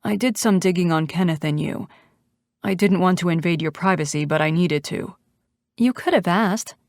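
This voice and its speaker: A woman narrating a first-person romance audiobook in an expressive, intimate way. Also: fairly low pitch, moderate pace, dry recording, clean studio sound.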